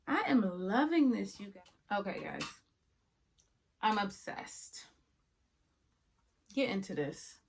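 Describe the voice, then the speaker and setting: A woman casually reviewing a wig for her viewers, chatty and often yelling with excitement. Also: mid-range voice, slow pace, long pauses, breathy edge. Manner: chatty, addresses viewers as y'all.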